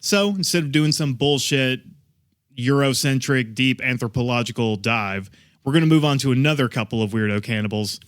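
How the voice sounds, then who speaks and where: A male podcast host narrates a grim true-crime story with wry jokes tossed in. His voice sits at an ordinary middle pitch. The recording is close and dry. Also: normal speed, fairly bright tone, clean tone, no room sound. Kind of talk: casual chat, telling a true-crime story.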